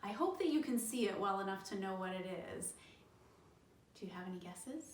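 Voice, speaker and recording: A woman's voice: mid-range voice, lively intonation, fairly quick, roomy sound, far from the mic, slight background noise. A woman librarian in her thirties leading a children's storytime, cheerful and sing-song as she talks to young kids.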